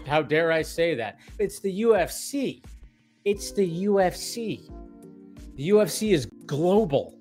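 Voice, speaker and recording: Male streamer, slightly high pitch, loose profane rambling delivery over faint music. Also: measured pace. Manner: animated, profane, rambling with restarts. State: tired and caffeinated. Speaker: film commentary streamer. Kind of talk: casual livestream rant.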